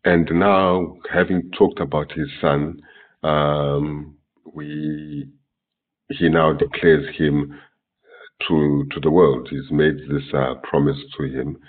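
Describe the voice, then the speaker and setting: A man with a very deep, husky voice teaches scripture, reading verse after verse in different translations. He talks in a flat, halting way, with plenty of fillers and throat-clearing. The sound is thin and tinny, as if recorded from a distance over a phone line. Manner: hesitant, many fillers and self-corrections. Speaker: Bible teacher.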